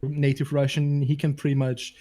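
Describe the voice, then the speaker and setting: A man's voice: mid-range voice, monotone, moderate pace, warm tone. A man from Germany with a German accent, a podcast guest chatting casually and hesitantly, with frequent restarts. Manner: hesitant, lots of restarts and fillers.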